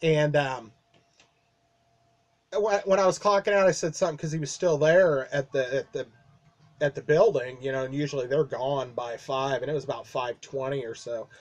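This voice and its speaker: A man's voice: medium pitch, fairly even intonation, normal speed, darkish tone, muffled recording. A man telling a long personal story to his vlog camera in a casual, rambling way, with lots of fillers, restarts and chuckles. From Midwestern United States. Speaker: vlogger.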